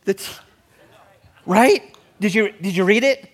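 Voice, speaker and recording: Male pastor, higher register, lively jokey sermon delivery. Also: slow pace. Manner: animated, jokey, talks straight to the congregation.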